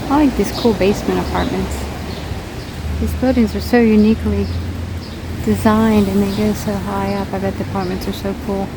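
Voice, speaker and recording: A woman's voice: medium pitch, steady tone, moderate pace, noisy background. A woman vlogging casually on a rainy city street, chatty and rambling, with many ums. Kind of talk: casual vlog narration.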